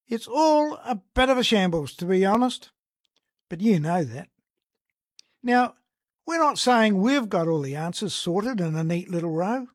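A stiff, wide-eyed male candidate with a New Zealand accent, as a speaker puts him on gives a folksy, mock-sincere stump speech. He blusters in a plain middle pitch, and his voice is dry and close. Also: dry recording, natural voice.

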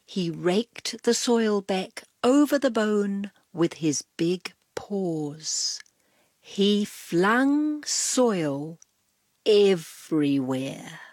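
A woman reading a children's story aloud, softly, sometimes dropping to a whisper. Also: fairly low pitch, no room sound, clean studio sound. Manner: soft, drops to whispers on tags.

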